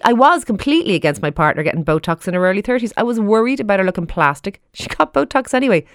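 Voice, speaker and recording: A woman hosts a radio phone-in at a quick clip, her voice sitting fairly low. She keeps the chat moving and nudges callers along. The studio sound is dry and close. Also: clear, resonant tone, no room sound. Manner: brisk, reads listener messages, hurries callers along. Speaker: radio show host.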